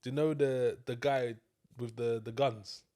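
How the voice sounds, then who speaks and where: A man's voice: mid-range voice, steady tone, a little slow, mellow. Tired guy reviewing a movie, slangy, keeps trailing off. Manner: loose slang, trailing restarts. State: tired, yawning. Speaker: film review co-host. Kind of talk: casual review chat.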